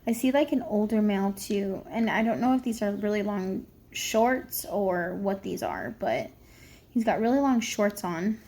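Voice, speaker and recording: A woman's voice: medium pitch, lively intonation, unhurried, darkish tone, slight background noise. A woman psychic medium giving a casual, rambling spirit reading on camera, full of fillers. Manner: chatty, rambling, many fillers.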